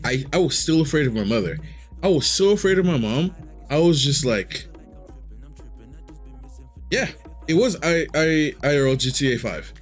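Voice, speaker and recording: A young man streaming live, telling a long profane story in a casual, animated way and jumping into high excited voices when he quotes himself. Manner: animated, profane, jumps into high excited voices for his own past self.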